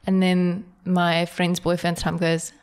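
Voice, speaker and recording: A woman's voice: lowish voice, completely flat delivery, moderate pace, a little hiss or hum. A South African woman co-hosting a comedy podcast, chatting casually and with amusement. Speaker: podcast co-host.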